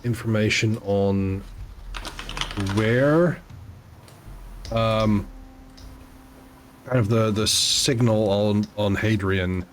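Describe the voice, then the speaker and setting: A man streaming a tabletop game session, speaking in a halting way full of fillers. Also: lowish voice, a little hiss or hum. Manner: halting, filler-heavy speech. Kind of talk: casual chat.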